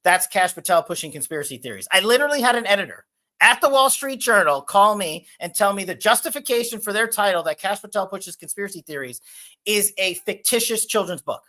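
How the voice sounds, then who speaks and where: A man being interviewed as a guest, pitching his book and hammering political talking points. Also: animated, a little fast. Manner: forceful, promotional, list-like talking points.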